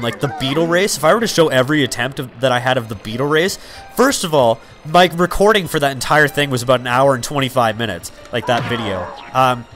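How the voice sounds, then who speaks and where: A man's voice: mid-range voice, a bit bright. Rambling young man narrating gameplay. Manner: rambling, full of fillers and 'like'. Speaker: let's player. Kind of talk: casual gameplay commentary.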